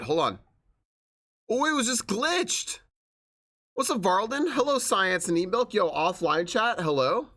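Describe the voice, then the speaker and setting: A man's voice: on the high side, fairly bright tone. A young man live-streaming a game, chatting in an upbeat way and greeting his viewers one after another.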